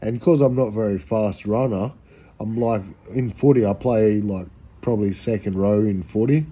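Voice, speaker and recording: Husky-voiced Australian man telling a story. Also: lowish voice, normal speed, warm tone. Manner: rambling, profane, slangy. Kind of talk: casual anecdote.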